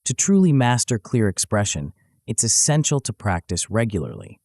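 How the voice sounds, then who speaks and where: Male narrator, low voice with lively inflection, dry close sound, steady instructional read for a self-help audiobook. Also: creaky, no echo. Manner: even, measured instructional delivery.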